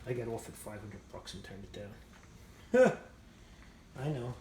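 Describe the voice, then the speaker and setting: A man's voice: medium pitch, very animated, a little slow, mellow, roomy sound, slight background noise. A man rambling casually through a vlog tour of his machine shop, self-mocking and swearing freely. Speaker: channel host showing his machine shop.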